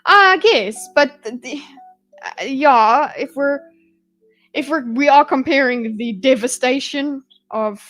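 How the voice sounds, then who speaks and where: A woman's voice: sits high, slow, fairly bright tone, poor audio. A woman hosting a livestream, giving rambling, sarcastic reaction commentary and chatting with viewers. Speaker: livestream host.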